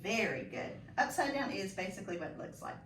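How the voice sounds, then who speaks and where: A woman teaching a phonics lesson to children, slow and encouraging with sing-song praise. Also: medium pitch, very animated, fairly bright tone. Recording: echoey room, voice from a distance.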